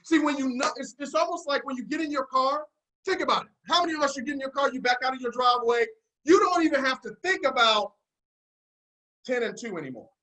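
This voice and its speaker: A man's voice: very high voice, expressive, fast talker, sharp tone, poor audio. A man leading a motivational business seminar, confident and preachy, with call-and-response and repeated key phrases. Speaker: network marketing team leader.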